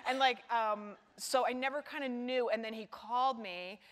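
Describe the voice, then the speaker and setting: A woman, the guest author, telling lively anecdotes in a live onstage conversation and acting out the people in them. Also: fairly high pitch, normal speed. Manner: animated storyteller who acts out other people's voices. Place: large hall before a live audience. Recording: hall reverb.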